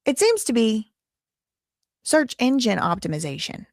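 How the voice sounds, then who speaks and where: A woman hosting a live commentary show reads out quoted documents at a middle pitch. She breaks in with sarcastic, wry asides in her own voice. The sound is dry and close. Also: animated, normal speed, no room sound.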